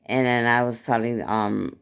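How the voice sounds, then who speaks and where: A woman casually recounting a dream to viewers with blunt, profane, animated storytelling; her mouth is dry. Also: a bass voice, a little slow, vocal fry, smooth. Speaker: spiritual vlogger.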